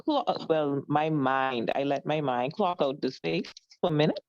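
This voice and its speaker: Hesitant deep-voiced woman on a call. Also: animated, a little mellow, dry recording, dull audio. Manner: hesitant, halting, with restarts. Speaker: class participant. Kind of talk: casual answer in an online class.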